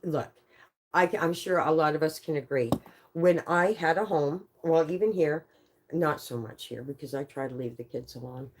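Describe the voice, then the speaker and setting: Low-voiced woman telling profane stories. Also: moderate pace, a little hiss or hum. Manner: profane, laughs often through her words. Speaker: livestreamer. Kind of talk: casual storytelling on a live stream.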